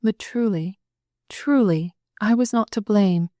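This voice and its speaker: A woman's voice: mid-range voice, slow, warm tone, dry recording, studio quality, close to an everyday voice. A woman voicing a tearful, confiding young noblewoman. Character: young noblewoman, emotional, quick to blush.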